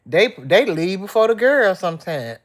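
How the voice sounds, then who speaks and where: A middle-aged woman on a livestream, speaking softly and emotionally as she vents and chats with her viewers, calling them y'all and reading out their comments. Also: mid-range voice, very animated, moderate pace. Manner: soft, tearful and emotional, venting; chatty, addressing viewers as y'all. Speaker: vlogger on a livestream. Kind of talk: casual live-stream chat, reading out comments.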